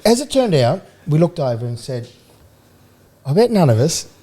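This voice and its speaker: A man's voice: fairly high pitch, sing-song, normal speed, warm tone. A middle-aged Australian man, a former footballer, telling rambling stories in a studio chat, with restarts and laughter. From Queensland, Australia. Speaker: podcast guest, former rugby league player. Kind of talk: casual storytelling chat. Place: radio studio.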